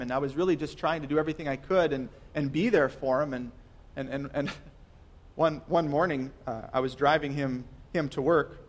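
A young pastor with a fairly high voice preaches an earnest sermon. He asks rhetorical questions and repeats words, swinging between loud emphasis and soft, quiet lines.

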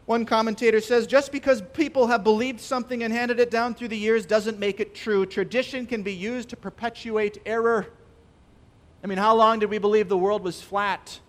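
A man preaching a sermon, emphatic and stressing key phrases by slowing down. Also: high voice.

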